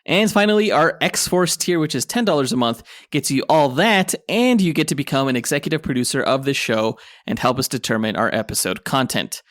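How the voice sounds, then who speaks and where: A man co-hosts a comic book podcast, running through news and support plugs in an upbeat way. His voice sits mid-pitch. The recording is close and dry, with no room sound. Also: lively intonation, a little fast, hardly any pauses, fairly bright tone, dry recording. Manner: upbeat promo reading. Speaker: podcast co-host. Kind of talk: casual podcast chat.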